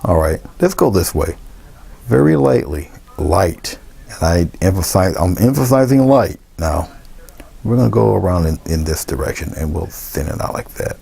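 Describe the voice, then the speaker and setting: A man giving a relaxed, unscripted painting lesson, talking through each step with fillers and restarts. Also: low voice, normal speed, creaky, slightly rough. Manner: relaxed, thinking aloud with many fillers and restarts. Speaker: painting instructor. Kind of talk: casual painting tutorial.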